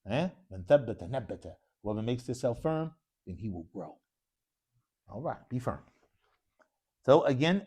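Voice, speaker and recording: A man's voice: medium pitch, sing-song, normal speed, pauses often, dark tone, breathy edge. A man teaching an Arabic grammar class in a mosque classroom, constantly quizzing his students with questions. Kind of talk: classroom lesson.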